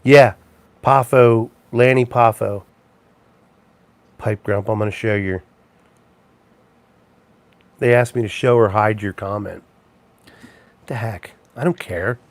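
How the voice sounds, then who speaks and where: A man's voice: on the low side, steady tone, slow, pauses often, dry recording. A man hosting a casual livestream chat, rambling and chuckling, with plenty of ums and restarts. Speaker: live show host.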